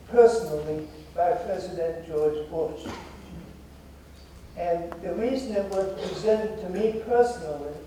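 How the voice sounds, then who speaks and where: A man in his nineties speaks earnestly and deliberately to an audience in a theater. His voice sits high but sounds deeply mellow, and he talks at a slow pace. The hall rings with echo, and he is picked up from far off with a faint hiss behind him. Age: 90s. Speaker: guest speaker. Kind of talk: formal speech to an audience. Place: theater auditorium. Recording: very echoey hall, voice heard from a distance.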